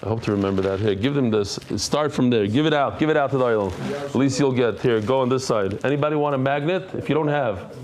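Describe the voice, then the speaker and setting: A middle-aged man from the United States leading a Talmud class before a live audience, chatting, joking and quickly reading out names. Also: mid-range voice, a little mellow. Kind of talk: casual class talk. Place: study hall with a live audience.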